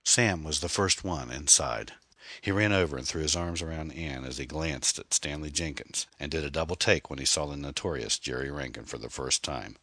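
Very deep-voiced male narrator. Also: moderate pace, sharp tone, dry recording. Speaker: audiobook narrator. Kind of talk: scripted narration.

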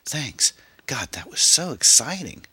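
A frightened, excitable young girl cries out in shrill, breathless bursts, voiced by a man reading a story. The voice stays bright and lively while it leaps about in pitch. It is recorded dry and close to the mic. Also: normal speed, husky, no room sound, heavily acted. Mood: excited.

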